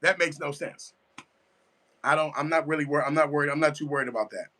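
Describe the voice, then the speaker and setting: This fast-talking streamer has a voice on the high side with a sharp tone. Watching a football game, he offers a casual live reaction, repeating himself emphatically and answering his chat along the way.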